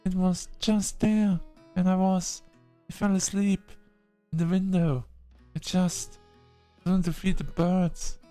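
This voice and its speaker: A man voicing a frightened, tearful young protagonist who talks in a high, stammering, panicky voice. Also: lively intonation, normal speed, long pauses, warm tone, soft background music, lightly acted. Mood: sobbing, panicked.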